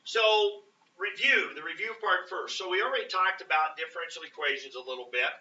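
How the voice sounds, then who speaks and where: Fast-talking and high-pitched, with a sharp tone, a man lectures a math class over slight background noise. He keeps it casual, uses many fillers and often checks in with his students; the recording is roomy, distant and dull.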